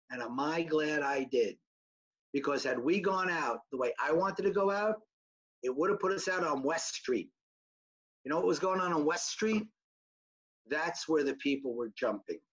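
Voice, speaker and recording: A man with a rather high voice gives a personal testimony talk with slides, recounting events earnestly. He acts out the quoted dialogue by lifting his voice. The recording sounds somewhat dull and lo-fi. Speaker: survivor telling his story to an audience.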